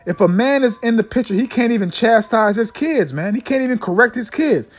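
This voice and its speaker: A man preaching a fiery sermon, ending nearly every line with "man" and slowing down to read scripture solemnly. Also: extremely high pitch, expressive, faint music behind. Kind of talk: fiery street-style sermon with scripture readings.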